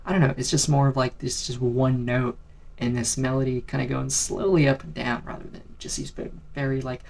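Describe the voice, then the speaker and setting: A man casually ranking favourite songs in a rambling vlog, keeping his voice down, swearing and filling pauses with ums. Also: mid-range voice, flat delivery, creaky, a little mellow, a little hiss or hum. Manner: keeps voice down on purpose. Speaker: music video creator.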